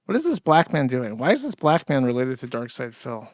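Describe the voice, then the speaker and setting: A man's voice: mid-range voice, sing-song, a little fast, no room sound, studio quality. A man hosting a live stream, reacting to clips with profane, sarcastic ranting. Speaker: streamer host.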